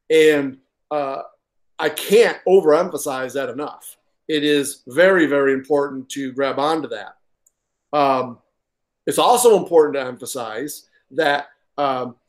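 Pastor guy preaching slow, keeps repeating himself for emphasis, kinda high voice. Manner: emphatic, repeats words and restarts; reads aloud from a workbook. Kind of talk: sermon.

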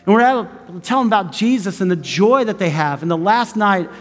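A middle-aged male pastor preaches in an earnest, chatty way, drifting into stories and asides as he goes. His voice sits high for a man. It rings out with a long hall echo, with faint music beneath. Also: lively intonation, fairly quick. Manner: conversational and earnest, storytelling with asides. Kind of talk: sermon.

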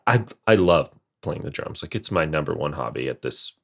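A man's voice: a bass voice, expressive, normal speed, vocal fry, a bit bright. A man co-hosting a podcast, chatting casually and enthusiastically with stumbling restarts. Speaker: podcast co-host. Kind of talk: casual chat.

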